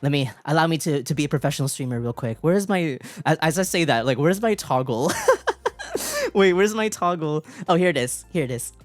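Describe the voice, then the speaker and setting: Giggly low-voiced woman streamer. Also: a little fast, no echo, faint music behind. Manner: giggly, excitable and playful. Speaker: VTuber streamer. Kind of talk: casual live-stream chat. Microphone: streaming desk mic.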